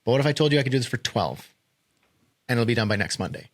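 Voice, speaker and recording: A man co-hosting a casual podcast. He is animated and talks in quick bursts, laughs easily, and keeps a middling pitch. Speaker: podcast co-host.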